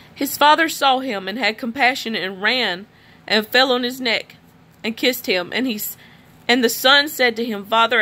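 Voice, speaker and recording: A woman's voice: fairly high pitch, bright, forceful tone. A woman reading a Bible passage aloud and praying, earnest and emotional, at times crying as she speaks. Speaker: scripture reader.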